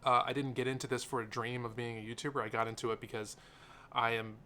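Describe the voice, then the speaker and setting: A man's voice: mid-range voice, little pitch movement, fast talker, sharp tone, a little hiss or hum. A young man talking unscripted to the camera in a sit-down vlog, rambling and earnest, with lots of fillers and sidetracks. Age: young adult. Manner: earnest and openly emotional. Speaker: tech YouTuber. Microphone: camera mic, seated talking to camera.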